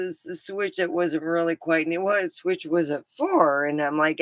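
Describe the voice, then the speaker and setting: A middle-aged woman vlogging in a rambling, casual chat, scattered and quick to laugh. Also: on the low side, no room sound. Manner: chatty, scattered, laughs a lot.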